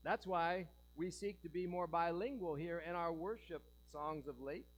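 A man's voice: a little high, normal speed, rough recording. A man preaching a sermon in a church, joking and asking the congregation rhetorical questions. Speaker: pastor.

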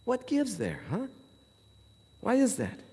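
High-voiced man preaching in a hall. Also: takes it slowly, husky. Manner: animated storytelling, acts out voices in his anecdotes. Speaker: pastor. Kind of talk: sermon.

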